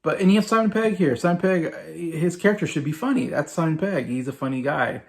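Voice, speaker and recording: A man's voice: on the high side, a little fast. A man in his forties giving a casual, rambling movie review, full of fillers and repetition. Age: 40s. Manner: rambling, filler-heavy, repeats himself.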